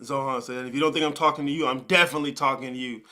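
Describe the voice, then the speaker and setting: A man hosting a live show, talking in a blunt, profane, casual monologue and mocking people with quick impressions. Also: medium pitch, steady tone, background noise. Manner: blunt, swearing, mocking, mimics others in quick asides. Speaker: host of a live spirituality advice show.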